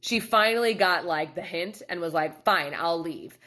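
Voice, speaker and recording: A woman's voice: lowish voice, normal speed. A middle-aged woman, a photographer telling a story in a casual vlog and acting out the people in it. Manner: animated storytelling, acting out quotes. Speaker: photographer and studio owner.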